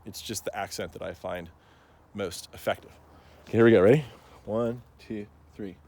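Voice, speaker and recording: A man's voice: on the low side, fairly even intonation, moderate pace, a little mellow. A man talking casually to camera as a plant grower, rambling and joking with lots of fillers and frequent chuckles. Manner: chuckles often.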